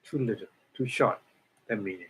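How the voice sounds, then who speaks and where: A man teaching a dharma lecture in halting English, explaining Pali terms word by word and often asking "huh?". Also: lowish voice, husky. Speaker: Buddhist meditation teacher.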